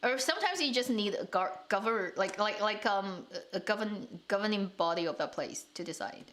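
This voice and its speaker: A woman's voice: mid-range voice, expressive, normal speed, a bit bright, slight background noise. Chatty woman hosting a live stream. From China. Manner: chatty, laughs often, many restarts. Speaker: drama channel host. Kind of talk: casual live-stream chat reading comments.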